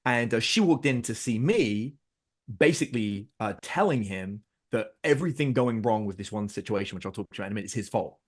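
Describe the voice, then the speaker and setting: A middle-aged man, a podcast guest, telling a story in a casual, animated way, often restarting and repeating words. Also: on the low side, a little fast.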